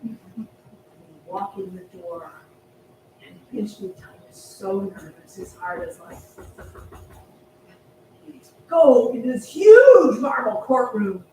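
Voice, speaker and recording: A woman telling a story at a temple family service, animated and acting out the voices. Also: medium pitch, slow, a little hiss or hum. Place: temple hall. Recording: echoey hall from far off.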